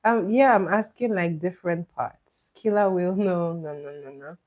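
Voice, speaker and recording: A woman with a lowish, slightly mellow voice hosts a casual trivia game on a live stream at a moderate pace. She coaxes her viewers, reading each question out to chat and then repeating it. The stream audio is dull and lo-fi.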